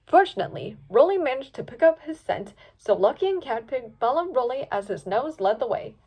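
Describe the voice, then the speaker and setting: Woman reading a kids' story out loud, bouncy sing-song voice, a bit high. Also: brisk. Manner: lively, voices each pup and hawk with pitch jumps. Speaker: fanfiction reader. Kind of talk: storybook read-aloud with character voices.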